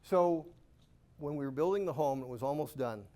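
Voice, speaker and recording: A man giving a keynote talk to a live audience, telling lively, self-amused stories and asking the room questions. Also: a little high, normal speed. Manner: animated, self-amused anecdotes with rhetorical questions. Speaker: guest speaker at a real estate investor club.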